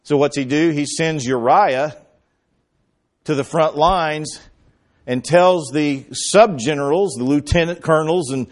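A man preaching a sermon, retelling scripture as a lively story and acting out the quoted lines, with bursts of emphasis. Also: a little high, unhurried. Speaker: pastor.

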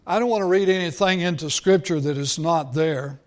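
A man's voice: a little high, brisk. A male pastor preaching a sermon, earnest, drawing out key words for emphasis.

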